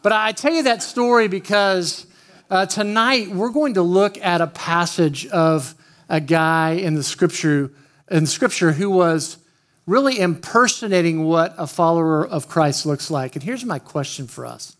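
A man preaches in a light, high voice. He opens with a casual, joking personal story and keeps talking straight to the people in front of him. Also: a little slow, a bit bright. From Oklahoma, USA. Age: 50s. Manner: chatty, joking, talks straight to the room. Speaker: pastor. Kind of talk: storytelling sermon.

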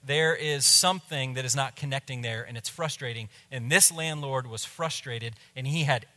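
Bright-voiced pastor in an echoing hall. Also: male voice, medium pitch, moderate pace. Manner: animated storyteller, drops to a hush in tense moments. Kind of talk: sermon storytelling.

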